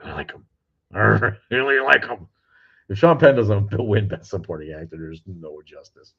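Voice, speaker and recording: A low-voiced older man rambles through a casual livestream, reading comments aloud and swearing bluntly. His voice is husky, and it comes through dull, lo-fi stream audio. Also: expressive, measured pace. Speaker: livestream host. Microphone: streaming cameras.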